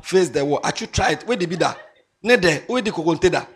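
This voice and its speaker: A man giving a moral talk to students, animated and mixing English with local phrases, rising to emphatic shouts. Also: a little high, fast talker. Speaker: speaker addressing students. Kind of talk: moral talk to young people.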